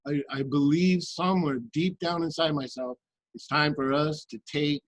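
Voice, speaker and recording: A man talking earnestly and with passion in a group discussion, with halting restarts. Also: on the high side, steady tone, no room sound, low-quality recording. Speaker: guest in a remote viewing discussion.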